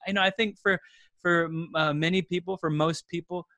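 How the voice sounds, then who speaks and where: A man's voice: fairly high pitch, steady tone, moderate pace, sharp tone, dry recording. Earnest man, a guest talking. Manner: earnest, repeats words while thinking. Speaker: podcast guest. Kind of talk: casual interview talk.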